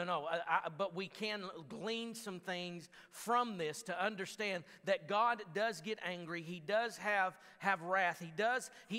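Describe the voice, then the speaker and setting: High-pitched, pushed and bright, this man's voice fills a church sanctuary with long reverb. As pastor he preaches in a conversational way marked by stammers and restarts, reading scripture aloud ever more forcefully.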